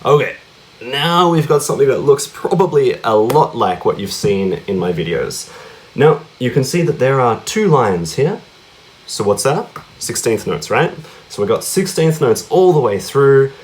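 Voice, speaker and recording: A man's voice: mid-range voice, big pitch swings, unhurried. A man teaching cajon rhythms in a casual lesson, often checking in with questions like "yeah?" and "right?". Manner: chatty, asks many tag questions like yeah and right; counts out beats and vocalizes drum sounds.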